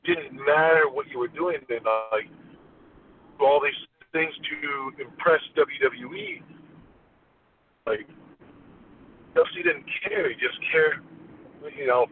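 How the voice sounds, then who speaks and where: Rambling former wrestler over a tinny line. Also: male voice, a little high, expressive, takes it slowly, pauses often. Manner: rambling, with frequent restarts. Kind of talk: interview storytelling. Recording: tinny phone line with faint hiss.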